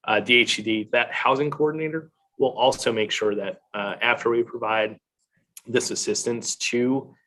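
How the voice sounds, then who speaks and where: A man testifying as a government official at a hearing over a video call, answering questions in a halting way with frequent fillers. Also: mid-range voice, fairly even intonation, fairly bright tone.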